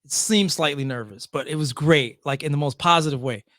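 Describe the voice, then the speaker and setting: High-voiced middle-aged man telling stories. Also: a little fast, a bit bright, no echo, clean studio sound. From Michigan. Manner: acts out quoted voices. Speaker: podcast guest. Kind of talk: animated storytelling.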